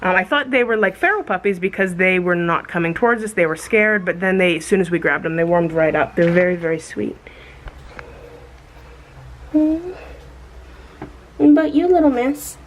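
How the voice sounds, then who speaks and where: A young American woman vlogging casually about rescue puppies, chatty, sometimes breaking into high baby talk for the dogs. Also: lively intonation, moderate pace, fairly bright tone. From United States. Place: animal shelter, outdoors.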